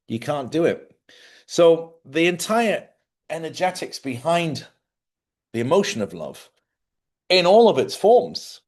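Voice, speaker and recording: A man's voice: on the high side, big pitch swings, moderate pace, darkish tone. A man hosting a live spiritual talk show from a studio, speaking in a rambling, conversational way and often checking in with listeners. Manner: rambling, conversational, repeats himself and asks listeners "yeah?". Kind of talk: casual live-stream talk.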